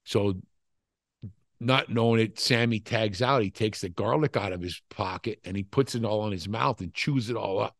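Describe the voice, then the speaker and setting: The voice is medium-pitched and creaky: an older man in a casual interview telling animated, profane, rambling stories about his time in wrestling. It's recorded with clean studio sound and no room sound.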